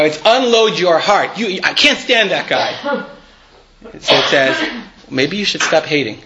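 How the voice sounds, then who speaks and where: A man's voice: a little high, bright, forceful tone, muffled recording, a little hiss or hum. A man teaching a live Torah class. He reads Hebrew and Aramaic passages aloud, explains them conversationally and asks his students questions.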